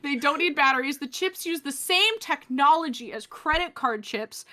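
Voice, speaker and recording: A woman's voice: sits high, animated, normal speed, noisy background. A young adult woman co-hosting a casual comedic podcast, sarcastic and swearing, often laughing mid-sentence. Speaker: podcast co-host.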